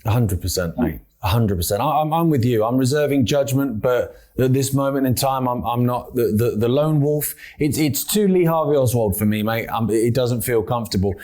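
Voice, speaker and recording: A man hosting an interview, chatting casually in a halting way with many restarts and calling his guest "mate". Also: mid-range voice, darkish tone. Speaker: show host.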